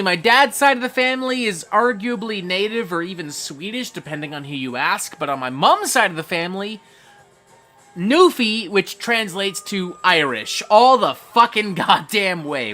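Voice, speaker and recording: A man hosting a live stream and reading chat aloud, tipsy and getting drunker, profane, swinging from low mumbles to hyped shouts. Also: expressive, normal speed, faint music behind. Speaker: livestream host reading chat.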